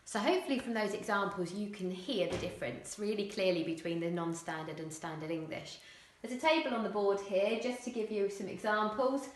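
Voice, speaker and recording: Woman teacher, clear explanatory manner, medium pitch, roomy echo. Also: brisk, a little hiss or hum. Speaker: primary school teacher. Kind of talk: recorded lesson explanation.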